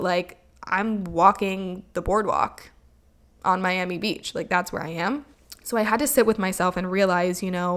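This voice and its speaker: A young woman hosting her own podcast, talking in a casual, earnest and reflective way, often slipping into encouraging advice and filling with "like" and "you know.". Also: mid-range voice. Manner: earnest, reflective, motivational, with many likes and you knows. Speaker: podcast host. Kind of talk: casual solo podcast monologue.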